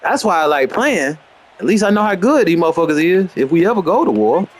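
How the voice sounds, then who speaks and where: A man streaming a football video game, rambling in brash, boastful, profane commentary and trash talk, dropping to low mutters and then jumping into high outbursts. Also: very animated, fairly quick. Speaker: gamer streaming gameplay.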